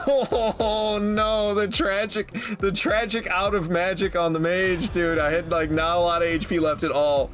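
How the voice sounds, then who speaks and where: A man giving casual, jokey gameplay commentary, excitable and profane, laughing often. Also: sits high, unhurried, hardly any pauses, faint music behind. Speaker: gaming YouTuber.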